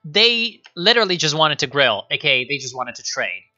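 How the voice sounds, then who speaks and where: Bright, sardonic male streamer. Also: fairly high pitch, big pitch swings, a little fast, lo-fi sound, faint music behind. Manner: rambling and sardonic, with many fillers. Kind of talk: casual history talk on a live stream.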